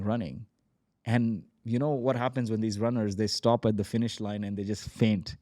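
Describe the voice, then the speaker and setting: A man in his forties tells his founder's story as a podcast guest, lively and animated, acting out the dialogue. His voice is mellow and dark in tone. The sound is dry and close. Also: on the low side, no echo. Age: 40s. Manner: animated, acts out quoted dialogue. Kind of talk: energetic storytelling.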